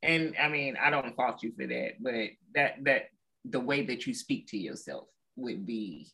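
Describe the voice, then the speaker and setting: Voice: medium pitch, lively intonation, unhurried, gravelly, pushed and bright, husky, poor audio. A podcast co-host in casual chat, agreeable and supportive.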